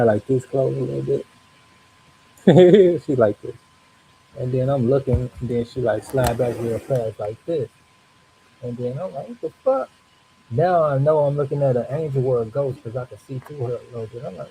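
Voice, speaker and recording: Male storyteller, casual and profane, mellow tone, animated retelling over a faint hiss. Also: medium pitch, low-quality recording. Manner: loose, profane, animated retelling with acted-out reactions.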